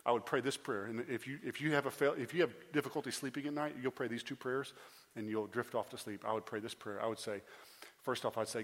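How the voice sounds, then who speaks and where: A man in his thirties delivers an earnest sermon from the pulpit, repeating and restarting phrases as he builds to loud, emphatic pleas. His voice sits at a middle pitch and carries a long reverb from a large hall. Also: fairly even intonation, fast talker. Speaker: pastor.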